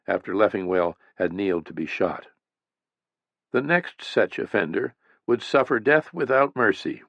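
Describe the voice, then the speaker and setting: A man narrates a history audiobook in a measured, even way, his voice sitting on the lower side. The sound is dry, with no room around it. The top end is a little muffled and dull. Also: no room sound. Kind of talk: scripted narration.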